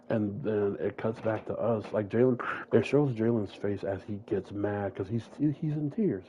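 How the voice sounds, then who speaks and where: A young man casually telling a long, rambling story, swearing freely and jumping into the characters' voices. His voice sits fairly low. The mic sounds dull and lo-fi, with a faint hum behind it. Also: moderate pace, mellow. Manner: rambling, profane, acts out the voices.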